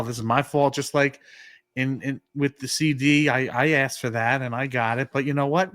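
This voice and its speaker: A New Yorker co-hosting a podcast tells a casual, animated story at a moderate pace, in a mid-range voice with no room sound. He performs the quoted dialogue and peppers it with "like."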